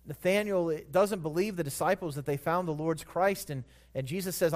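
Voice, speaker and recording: A man preaching a sermon in a church, earnest, swelling louder on scripture and dropping soft at the ends of phrases. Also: a little high, moderate pace, few pauses. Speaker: pastor.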